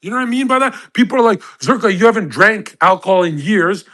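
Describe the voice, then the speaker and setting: High bright guy in his 30s rambling and laughing on a live chat stream. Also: expressive, fast. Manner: loud, rambling, laughing, acts out quoted voices. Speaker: host.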